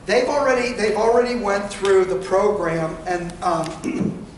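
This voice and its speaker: A man with a high-sitting voice and an unhurried delivery runs a sales training in a meeting room. He's folksy and role-plays what to tell customers, speaking with no microphone at some distance from the recorder. The audio sounds roomy and far off, with a little room noise.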